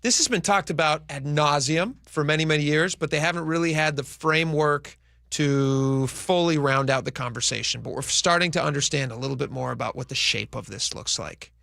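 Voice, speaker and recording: Man, radio co-host, casual chat, gravelly edge, fairly high voice, dry studio sound. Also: brisk, pushed and bright, dry recording. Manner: conversational, asks co-host questions.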